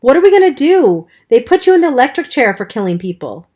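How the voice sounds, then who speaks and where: Terrified teen boy, pleading and high-strung, read by a woman. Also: very animated, takes it slowly, darkish tone, highs cut off. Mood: panicky. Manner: panicky, pleading. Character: frightened teenage boy, panicky.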